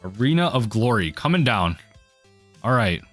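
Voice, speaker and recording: A man commentating his own card game match for a video, muttering quietly at times and then bursting into excited yells. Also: normal speed, soft background music. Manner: mutters low then erupts into excited yelling. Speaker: gaming video host.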